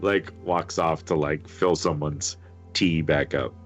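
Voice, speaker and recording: Very deep-voiced male game master. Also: steady tone, soft background music. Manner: halting, filler-heavy description. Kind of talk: narrating a tabletop game.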